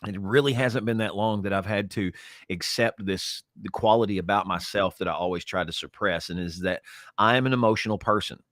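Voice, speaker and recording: A man co-hosting a casual talk show, chatting and telling stories in an expressive way. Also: fairly low pitch, a little fast, no room sound, studio quality. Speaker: co-host. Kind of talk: casual chat.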